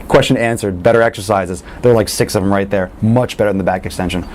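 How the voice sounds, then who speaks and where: A man coaching fitness in a casual question-and-answer talk, blunt and animated, swearing freely. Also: fairly low pitch, fast talker, slight background noise.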